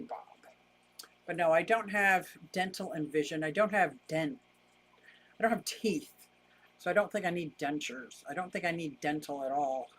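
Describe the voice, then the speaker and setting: Chatty older woman on a livestream. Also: fairly low pitch. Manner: chatty, wry, laughs easily, rants about costs. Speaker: livestream host. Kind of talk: casual livestream chat reading viewer comments.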